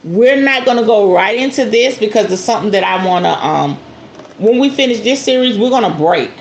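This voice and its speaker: A woman hosting her spiritual channel, chatting to viewers while she unboxes a purchase. She is animated and playful and often calls her viewers "y'all" and "honey.". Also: mid-range voice, a little fast, slight background noise. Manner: excitable storyteller, acts out shop talk.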